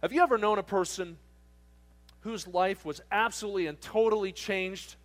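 A man's voice: high-pitched, moderate pace. Joking, firm camp preacher man. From southern New Jersey. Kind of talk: sermon to teens.

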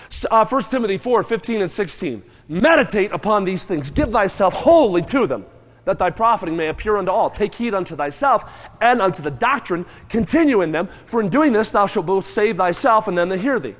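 A man preaching a sermon, animated and folksy, mooing and calling on the congregation to join in. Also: high-pitched, a little fast. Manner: animated, moos and chews aloud, calls on the crowd. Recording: long hall reverb.

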